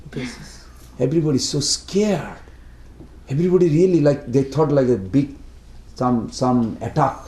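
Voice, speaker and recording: With a slightly high voice, this man animates a story for his devotional study group, playing the characters himself. The room gives the recording a spacious echo.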